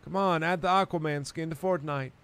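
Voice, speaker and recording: Aquaman, a chirpy high-voiced goofball, as a man puts him on. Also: fairly quick, a bit bright, slight background noise. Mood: eager. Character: goofy chirpy male superhero who loves fish.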